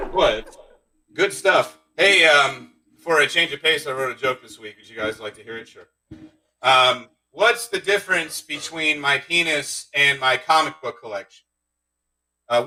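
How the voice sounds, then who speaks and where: Male stand-up comic, deadpan one-liners, bright tense tone, heard from off the mic. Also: a little high, distant mic, rough recording. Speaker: stand-up comedian. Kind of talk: stand-up set streamed live.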